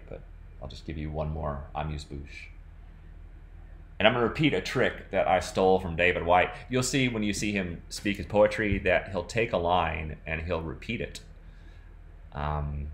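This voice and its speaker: A man's voice: rumbling low, fairly bright tone. A man talking casually and reflectively to the camera, rambling with many "like"s and "you know"s. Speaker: vlogger.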